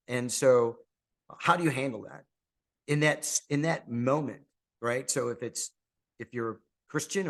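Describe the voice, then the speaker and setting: Male solo podcast host, mid-pitch, chatty and friendly, loose delivery with fillers and restarts. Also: a bit bright. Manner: conversational, rambling with restarts and fillers; outgoing, friendly. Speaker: real estate agent. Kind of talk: casual monologue.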